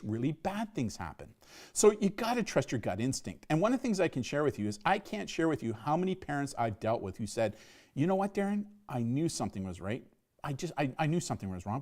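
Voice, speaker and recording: Middle-aged guy giving an online talk to parents, really animated pitch, keeps saying right?. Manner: emphatic, repeats "right?" as a tag. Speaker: presenter on online safety for parents. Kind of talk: live online presentation.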